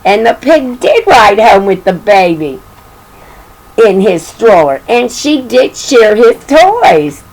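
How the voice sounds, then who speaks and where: A woman's voice: a little high, big pitch swings, slow pace, creaky, darkish tone, rough recording. An older woman reading a picture book aloud to children, chatting affectionately and pointing out the pictures. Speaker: story reader.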